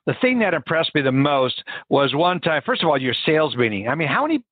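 A man's voice: fairly high pitch, sing-song, fast, husky, no room sound. A man hosting a radio interview, telling a story enthusiastically with lots of restarts. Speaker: radio show host. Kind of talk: casual interview chat. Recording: tinny phone-like radio audio.

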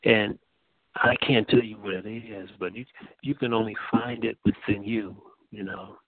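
A soft-spoken man with a lowish voice gives an informal teaching, halting and restarting as he goes. He comes through a tinny phone line with a dry, close sound. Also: fairly even intonation, no room sound. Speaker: teacher and host.

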